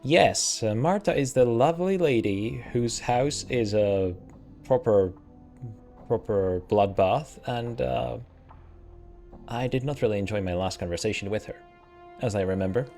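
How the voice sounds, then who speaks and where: A man's voice: medium pitch, moderate pace, creaky, a little mellow, soft background music. A man casually commenting while playing a story game, rambling and chatty. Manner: chatty, rambling, restarts and fillers. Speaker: let's play host.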